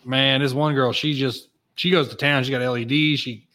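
A man with a medium-pitched voice chats casually as a co-host. He talks in an easygoing way, fills his speech with likes and uhs, and teases his friends. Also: steady tone, moderate pace, a bit bright. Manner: easygoing, teasing banter with filler words. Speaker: cigar shop owner and co-host. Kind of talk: casual chat.

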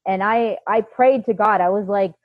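Speaking at normal speed in a mid-range voice with no room sound, a woman in her thirties comes through a dry, tinny, phone-like recording. She casually relates her own story, acting out the quoted exchanges with animation.

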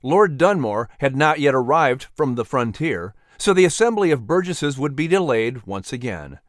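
A man reads a scripted historical story in a measured, even storytelling manner. His voice sits mid-range and the recording is close and dry. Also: mid-range voice, dry recording. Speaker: narrator.

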